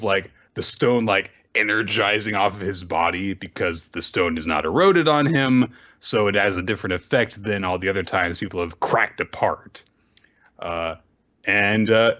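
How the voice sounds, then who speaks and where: A man's voice: on the low side, a bit bright. A man recapping a manga chapter in a casual chat and acting out the characters' lines with animation. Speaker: podcast co-host. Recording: dull lo-fi audio.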